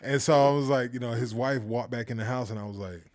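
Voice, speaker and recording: A man talking casually in an interview, telling lively anecdotes, acting out the voices of the people in them and laughing often. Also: mid-range voice, quick pace. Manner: animated storyteller, acts out quoted voices, laughs often. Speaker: filmmaker guest.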